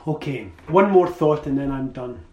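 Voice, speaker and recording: A man preaching a sermon in slow, measured phrases that rise into emphatic repeated calls. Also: medium pitch, lively intonation, warm tone, reverberant.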